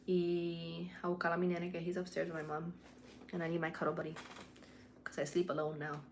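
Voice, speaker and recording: Lowish-voiced woman chatting on a livestream. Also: monotone, a little fast, a little mellow, slight background noise. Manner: mixes english and spanish, swears freely, candid. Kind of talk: casual livestream chat. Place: home at night.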